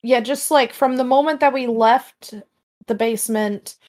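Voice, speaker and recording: A woman's voice: fairly high pitch, steady tone, a little mellow. Joking woman player at a tabletop game. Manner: quick, joking, talks over others.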